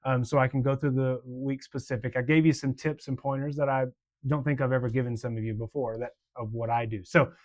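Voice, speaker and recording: A man, a children's pastor, walking volunteers through upcoming lessons in a casual, chatty way, full of ums and uhs, slowing down to recite verses with hand motions. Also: mid-range voice, steady tone. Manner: demonstrates motions with slow emphatic recitation. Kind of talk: volunteer training walkthrough.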